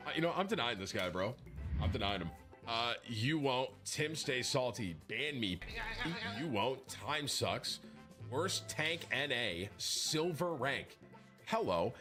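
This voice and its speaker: A man's voice: medium pitch, animated, takes it slowly, over music. A man live-streaming a game, reading viewers' messages aloud in a mocking way.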